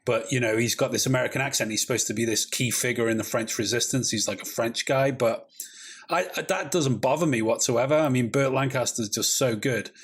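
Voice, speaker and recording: Guy hosting a movie review chat, bit husky, loose and excited, swears a bit. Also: medium pitch, a little fast. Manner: loose and enthusiastic, swears, chatty. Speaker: podcast host. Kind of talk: casual film review chat.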